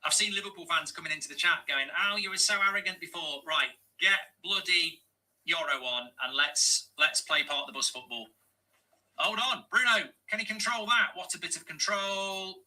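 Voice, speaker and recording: A man reacting to a football match live as a fan channel host, exasperated and swearing, often breaking into shouted rants. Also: sits high, lively intonation, normal speed, rough recording. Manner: swearing, exasperated, ranting at the game.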